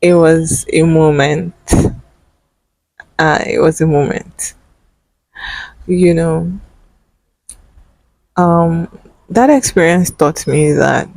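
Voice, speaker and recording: A woman's voice: low voice, darkish tone, no room sound, poor audio. A young woman vlogger telling a personal story in an emotional, earnest way, with many fillers.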